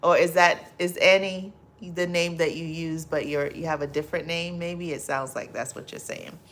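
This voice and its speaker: A middle-aged woman hosting a casual livestream, reading viewer comments aloud, effusive and quick to laugh. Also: sits low, steady tone, a little hiss or hum. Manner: warm, effusive, laughs often and loudly. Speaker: livestream host.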